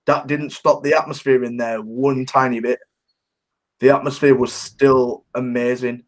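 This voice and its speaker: A man's voice: mid-range voice, flat delivery, measured pace. A man co-hosting a casual podcast, laddish and sweary, often laughing. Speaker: podcast co-host. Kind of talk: casual chat.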